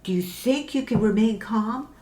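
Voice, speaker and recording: A woman voicing a brisk, businesslike promoter who pitches merchandise in an upbeat, salesy way. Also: warm tone, close to an everyday voice. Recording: roomy echo.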